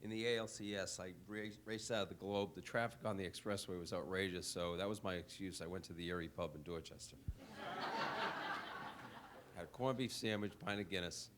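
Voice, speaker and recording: A man on a panel, telling an animated story and putting on the voices of people he quotes. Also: low voice, a little fast, noisy background. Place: hotel event room.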